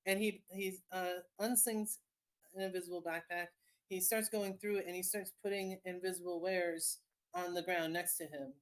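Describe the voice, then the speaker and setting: A woman running a tabletop game, her voice sitting a touch low as she rambles through the scene. She circles back on herself often, stringing description along. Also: fairly even intonation, normal speed. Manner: rambling, lots of fillers and restarts. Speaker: game master.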